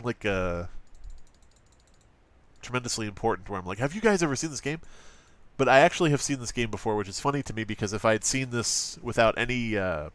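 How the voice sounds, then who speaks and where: A man's voice: fairly low pitch, fairly bright tone, no room sound. A man casually commenting on an old gaming magazine, joking, swearing and using lots of fillers. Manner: profane, joking, frequent fillers. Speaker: let's play host.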